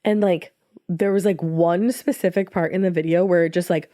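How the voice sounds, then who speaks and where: A woman's voice: on the low side, fairly even intonation, normal speed, mellow, no room sound, studio quality. Woman in her twenties with a congested voice. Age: 20s. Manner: chatty, rambling, self-deprecating. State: congested, coughing from allergies and asthma. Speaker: podcast co-host. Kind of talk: casual chat.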